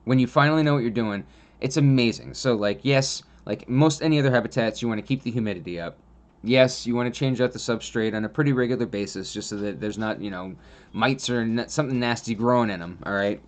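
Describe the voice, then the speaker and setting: A man's voice: mid-range voice, quick pace. A man talking casually about caring for pets, rambling with many fillers and restarts and laughing often as he tells stories. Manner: chatty storyteller, laughs often. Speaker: vlogger on pet reptile and spider care. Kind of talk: casual monologue.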